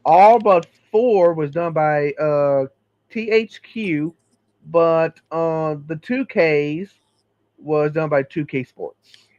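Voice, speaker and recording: A man hosting a casual chat who reads through a list of games, slowly and with many fillers. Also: on the high side, a little mellow, dry recording, dull audio. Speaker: podcast host.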